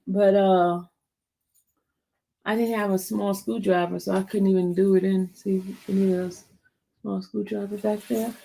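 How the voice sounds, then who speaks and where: A woman's voice: medium pitch, creaky, a little mellow, slight background noise, rough recording. A woman vlogger chatting casually to her viewers, rambling and answering comments from live chat.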